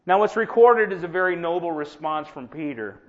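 A man preaching a sermon in an animated, sarcastic, self-mocking way. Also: a little high, moderate pace. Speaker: pastor. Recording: dull lo-fi sound.

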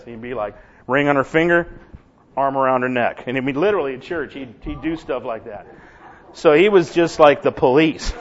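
A middle-aged man giving a humorous personal testimony to a congregation, a lively, self-deprecating storyteller who gets animated as he goes. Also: mid-range voice, muffled recording. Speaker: church member giving testimony.

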